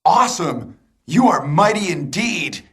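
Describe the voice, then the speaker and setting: An overacting heroic vampire hunter. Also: male voice, high voice, sing-song, measured pace, fairly bright tone, husky, heavily acted. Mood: boastful. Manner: melodramatic, overacted declamation. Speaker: video game hero. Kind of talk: video game voice acting.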